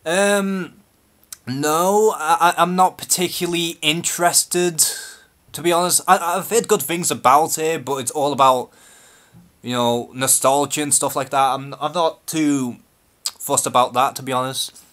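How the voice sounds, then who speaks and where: A man's voice: fairly high pitch, a little slow, a bit bright. A man from Liverpool with a Scouse accent, hosting a live-stream Q&A and speaking in a nervous, hesitant, unscripted way. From Liverpool, England. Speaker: YouTube channel host.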